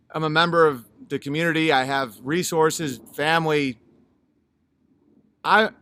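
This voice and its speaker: A comedian delivering a blunt, profane, ranting comedic monologue. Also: male voice, high-pitched, fairly bright tone, no echo.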